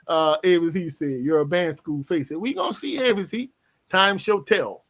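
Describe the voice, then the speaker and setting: A man hosting a sports livestream, reading chat comments aloud and answering with brash, animated trash talk. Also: a little high, moderate pace. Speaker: sports show host reading live chat.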